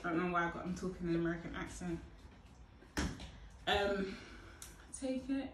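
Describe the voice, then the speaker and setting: A young woman talks through a hair routine in a loose, playful way, breaking into loud whoops now and then. She sounds set back from the mic, and the room echoes around her. A faint hiss sits underneath. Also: on the low side, level tone, fairly quick, recorded from a distance. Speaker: hair tutorial vlogger. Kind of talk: casual how-to chat to camera.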